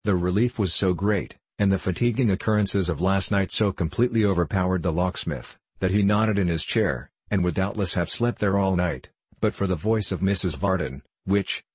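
A man narrating a classic novel in measured storytelling. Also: low-pitched, breathy edge, dry recording. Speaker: audiobook narrator. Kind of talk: scripted narration.

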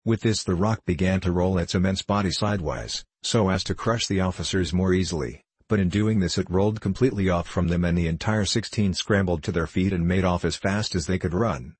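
A man narrating a fairy tale audiobook in an even, measured way. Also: sits low, slightly rough, no room sound.

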